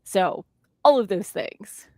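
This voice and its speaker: A woman's voice: mid-range voice, expressive, slow pace, dry recording. A woman chats away on a livestream, bouncing between stories and reading out comments from viewers. Her voice sits mid-range and comes through close and dry, with no room sound around it. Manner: chatty, reads out viewer comments, frequent restarts. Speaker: stream co-host. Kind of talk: casual chat on a co-working livestream. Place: home living room desk.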